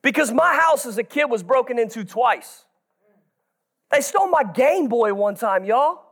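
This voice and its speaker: A man in his thirties preaching a sermon with energy, breaking into shouts and joking asides to the congregation. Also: very high voice, expressive, a little slow.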